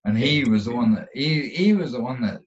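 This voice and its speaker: A man's voice: medium pitch, lively intonation, a little fast. A man telling his own story in an interview, rambling and swearing a lot, with many restarts. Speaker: guest. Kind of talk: candid interview. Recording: dull lo-fi sound.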